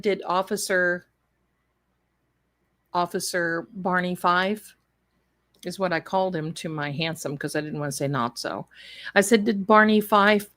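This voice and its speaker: Woman, unhurried, animated storyteller, laughs often. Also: fairly low pitch. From Tennessee. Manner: animated, laughing, quotes others in put-on voices. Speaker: storyteller guest. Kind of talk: casual storytelling on a live stream.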